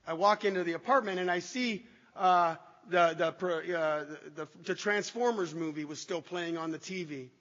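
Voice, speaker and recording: A man giving an emotional recovery testimony to an audience, halting and restarting as he speaks. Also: sits high, a bit bright. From Canada. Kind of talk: personal testimony talk to an audience. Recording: dull echoey hall recording.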